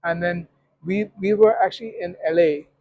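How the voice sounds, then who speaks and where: A man's voice: sits high, normal speed, dry recording, lo-fi sound. A man being interviewed, speaking hesitantly with many fillers and restarts. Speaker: guest. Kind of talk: casual interview.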